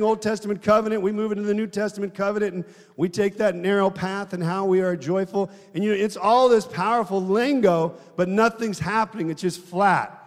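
A man's voice: high voice, in a large hall. A man preaching a sermon in a conversational way, often asking the congregation questions.

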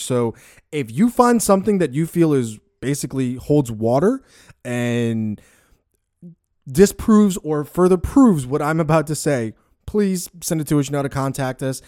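A man hosting a relaxed podcast, his voice at a middle pitch and recorded close and dry. He talks loosely, laughs often and stumbles over long science words. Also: no room sound. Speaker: podcast host. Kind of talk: casual podcast chat.

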